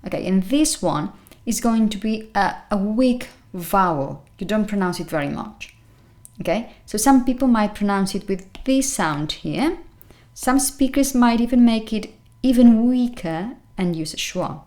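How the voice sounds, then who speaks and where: Woman language teacher, slow deliberate pronunciation, repeats each word. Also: mid-range voice, lively intonation, a little mellow. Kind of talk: pronunciation lesson.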